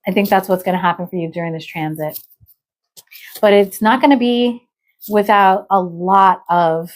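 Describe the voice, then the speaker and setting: A woman reading tarot cards aloud in a loose, chatty flow. She breaks in with exclamations and keeps asking "okay?" as she explains each card. She sounds a little under the weather. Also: medium pitch. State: unwell. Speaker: tarot reader.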